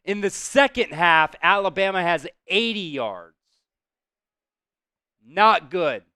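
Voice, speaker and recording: A man hosting a live stream, calling plays casually, reacting loudly, swearing and talking to his chat. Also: sits high, slow pace, smooth, dry recording, clean studio sound. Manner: excitable, swears, talks to chat. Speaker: host doing live play-by-play.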